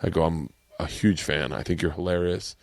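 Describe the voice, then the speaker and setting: A man's voice: sits low, moderate pace, vocal fry, no room sound. A man in his thirties hosting a casual podcast, rambling and swearing as he tells stories. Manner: rambling, swearing, lively storytelling. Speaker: podcast host. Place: home man cave.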